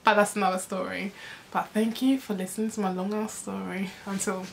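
A young woman tells a storytime to camera, casual and animated, acting out what people said and laughing often. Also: mid-range voice, fairly quick, vocal fry, background noise. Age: young adult. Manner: animated, acts out quoted voices, frequent laughs and "like". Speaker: vlogger.

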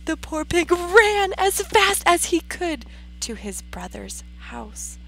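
A woman teacher reads a children's story aloud in a high, lively voice, slow and deliberate. She is expressive and stops often to ask the class questions. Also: soft background music, low-quality recording.

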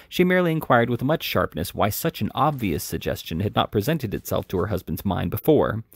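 A man reading a classic novel aloud in an unhurried, lively way, with small slips and restarts. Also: lowish voice, vocal fry, dry recording, clean studio sound. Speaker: reader.

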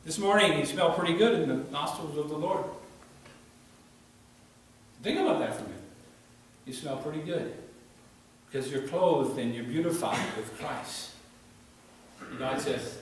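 A male pastor preaching a sermon, rising to loud exhortation and dropping to quiet pleading. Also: mid-range voice, unhurried, long pauses. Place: church sanctuary. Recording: roomy church sound from a distance, faint hiss.

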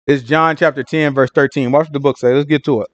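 A man's voice: on the high side, steady tone, quick pace, no room sound, muffled recording. A man teaching a casual Bible study to a room with children, talking in slang, acting out voices and asking questions.

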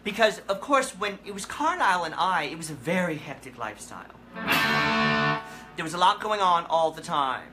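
A woman hosting a live comic question-and-answer session in character, telling absurd stories in a deadpan, rambling way with halting restarts. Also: fairly low pitch, loud music behind the voice. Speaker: comedic musician persona hosting a live Q&A. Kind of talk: rambling comic livestream chat.

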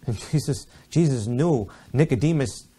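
Mellow-voiced man teaching the Bible. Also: medium pitch, expressive, normal speed, slightly rough. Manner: casual and rambling, with frequent restarts.

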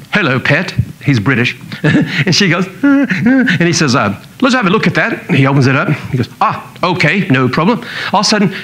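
A man's voice: fairly high pitch, fairly bright tone, poor audio. A man pastor preaching a sermon in a conversational storytelling way, chuckling now and then.

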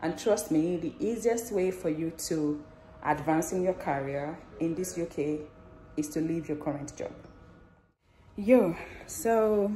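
A woman nurse in a casual vlog, sharing her news excitedly and laughing often as she talks straight to her viewers. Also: low voice, a little hiss or hum. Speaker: nurse and theatre manager.

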